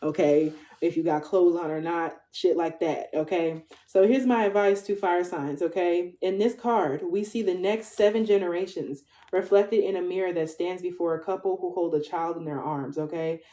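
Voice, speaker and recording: A woman's voice: fairly low pitch, fairly even intonation, normal speed, hardly any pauses, mellow. A woman in her twenties giving a casual tarot reading to viewers, chatty, swearing freely and tagging most lines with "okay?". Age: 20s. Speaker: tarot reader.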